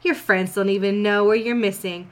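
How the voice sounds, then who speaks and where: A woman's voice: medium pitch, steady tone, normal speed, close to an everyday voice. Teasing villain queen for a silly fanfic read, woman doing it, sneers and gloats. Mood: gloating. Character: sneering villainous insect-like pony queen, female.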